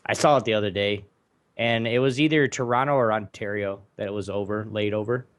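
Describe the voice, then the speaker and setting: A man's voice: on the low side, a little fast, clean tone. A man co-hosting a casual podcast, chatting and teasing the guests. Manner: joking, teasing. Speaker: podcast co-host.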